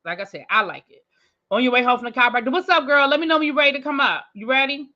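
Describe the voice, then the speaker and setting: A woman's voice: high-pitched, animated, racing. A woman hosting a casual livestream, greeting viewers by name in a chatty, familiar way. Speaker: livestream host. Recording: slightly dull lo-fi stream audio.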